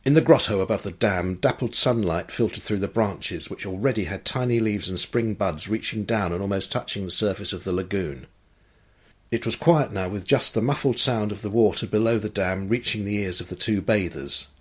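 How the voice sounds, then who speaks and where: A man narrating an audiobook story in a calm, measured manner. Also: lowish voice, breathy edge. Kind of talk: scripted narration.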